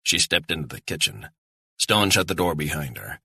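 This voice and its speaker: Male thriller narrator, low, husky, sharp-edged tone, dry close recording. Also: animated, moderate pace, dry recording. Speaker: audiobook narrator.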